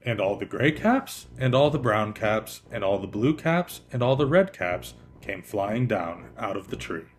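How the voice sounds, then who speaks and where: A man reads a children's storybook aloud for his podcast, with an animated, sing-song lift. He slows down on repeated words for effect. A faint hum sits underneath. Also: on the low side. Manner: expressive, lively, slowing for effect. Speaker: podcast host reading children's stories.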